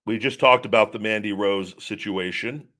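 Casual live-stream host, male, lowish voice, candid and rambling, answers chat questions off the cuff. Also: moderate pace, pushed and bright.

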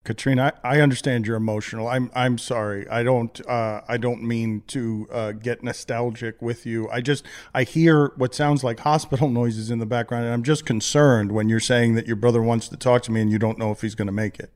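A man hosting a radio show, talking to callers in a halting, polite, apologetic way. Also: mid-range voice, little pitch movement, a little mellow. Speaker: radio host. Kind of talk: talk radio call.

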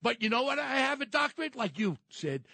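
Guy phoning into talk radio, high bright voice, shouting and ranting, dry sound. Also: very animated, a little fast, creaky, no echo. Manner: impassioned ranting, often shouting. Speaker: regular phone-in guest. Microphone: telephone.

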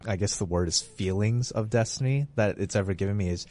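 A low-pitched man chats about video games as a podcast host. He talks with eager enthusiasm, often restarting his sentences as his thoughts run ahead. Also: fairly quick, mellow. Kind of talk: casual gaming chat.

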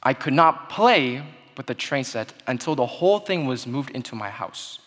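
A young man giving a sermon-style talk, telling a childhood story in an earnest way that goes quiet at the sad moments. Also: mid-range voice, expressive, moderate pace. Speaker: speaker giving a Christmas message. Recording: long hall reverb.

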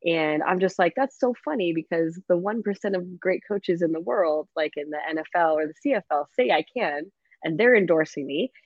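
A woman football coach, a guest chatting in an animated, laughing way and filling her talk with "like". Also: fairly low pitch, moderate pace, dry recording. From Canada. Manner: animated and laughing, fills speech with "like". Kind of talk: casual interview chat. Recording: dull lo-fi dry sound.

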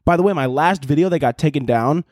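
A man's voice: on the high side, fast talker, a little mellow, no echo, studio quality. A man hosting his own podcast, rambling and joking with lots of swearing. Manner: rambling, profane, jokey, self-interrupting. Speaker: podcast host. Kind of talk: casual solo podcast chat.

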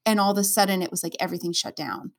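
A woman stage performer speaks as a guest in a relaxed interview. She tells her own story earnestly and openly, emotion close to the surface. Her speech is full of fillers and restarts. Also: lowish voice, rapid-fire. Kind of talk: candid conversational storytelling.

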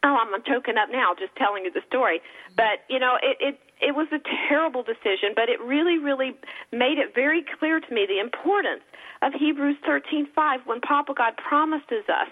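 A woman's voice: high-pitched, normal speed. A woman author telling an emotional personal story as a radio guest, calling in by phone. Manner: earnest, emotional storytelling with faith references. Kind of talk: radio interview on a phone line. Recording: tinny phone line.

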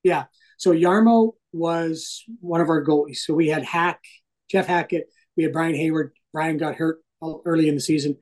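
Middle-aged man, hockey broadcaster, lively storyteller, casual swearing, interview guest. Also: a little high, moderate pace, low-quality recording. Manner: animated anecdote teller, swears casually.

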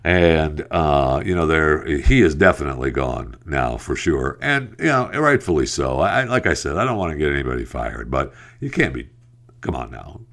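A man's voice: extremely low pitch, very animated, normal speed, vocal fry, fairly bright tone. A male show host giving casual commentary and reading news headlines, chatty and given to laughing at his own stories.

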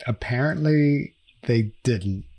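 A man's voice: medium pitch, takes it slowly, warm tone. A man hosting a true-crime podcast, narrating updates and interviewing a guest in a conversational way. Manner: conversational, reads text messages aloud. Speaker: podcast host.

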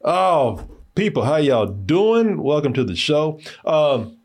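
Lively laughing man. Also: on the high side, slow. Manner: animated, laughing, talks to his dog. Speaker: podcast co-host. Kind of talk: casual chat.

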